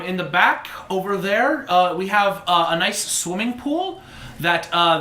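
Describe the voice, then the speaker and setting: Game master doing a rambly, helpful innkeeper man, bright voice. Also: mid-range voice, echoey room, close to an everyday voice. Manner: rambling with many fillers. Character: chatty male innkeeper, friendly and helpful.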